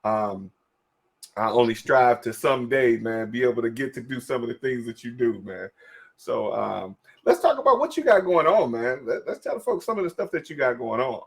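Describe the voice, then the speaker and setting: Male podcast host in his forties, excitable, laughs a lot, stumbles and repeats, middle-pitched voice. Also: normal speed, vocal fry, breathy edge. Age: 40s. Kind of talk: casual interview chat.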